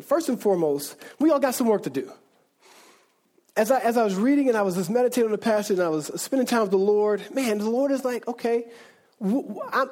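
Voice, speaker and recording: Man, pastor, sermon, very high pitch, conversational, repeats himself. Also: a little mellow. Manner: conversational preaching, frequent restarts and "right?" asides.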